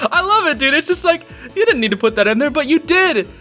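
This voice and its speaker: An excited young man talks through a cartoon episode in a loose, casual review, gushing and repeating his praise. His voice sits high and bright. Faint music plays underneath. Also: brisk. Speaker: video reviewer.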